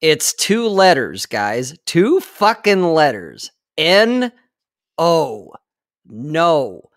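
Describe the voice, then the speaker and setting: A man's voice: a little high, big pitch swings, very slow, no room sound, studio quality. A man in his forties chatting casually, blunt and profane, hammering his points home. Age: 40s. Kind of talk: casual chat.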